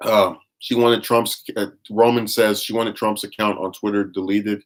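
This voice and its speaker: A man's voice: on the low side, little pitch movement, moderate pace. Blunt, rambling male stream commentator. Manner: blunt, scornful and rambling, with frequent restarts. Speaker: livestream commentator. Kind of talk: casual live-stream commentary, reading chat.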